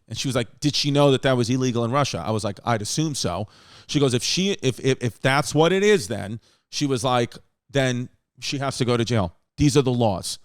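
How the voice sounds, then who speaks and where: A man hosting a comedy podcast, with a smooth, resonant voice recorded dry and close. He rambles through stories and acts out his friends' words. He swears casually along the way. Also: mid-range voice, brisk, no echo. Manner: rambling storytelling, acting out quoted friends. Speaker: podcast host.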